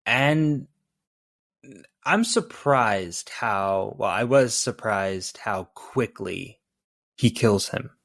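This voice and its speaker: A man co-hosting a film podcast, animated and laughing as he quotes scenes. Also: fairly low pitch, extremely slow, creaky, no room sound, clean studio sound. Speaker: podcast co-host. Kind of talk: casual film-review chat.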